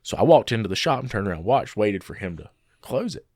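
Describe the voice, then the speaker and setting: In clean studio sound with no room noise, this man's fairly low voice races along. He co-hosts a casual podcast, spinning lively stories and performing the voices of whoever he's quoting.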